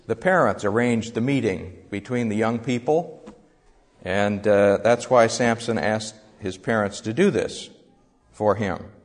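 A man giving a Bible lesson with slides, explaining in a conversational teaching manner. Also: medium pitch. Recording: echoey hall with long reverb.

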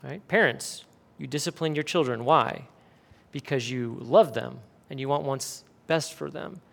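A man's voice: medium pitch, measured pace, vocal fry. A male pastor preaching a sermon emphatically, asking rhetorical questions.

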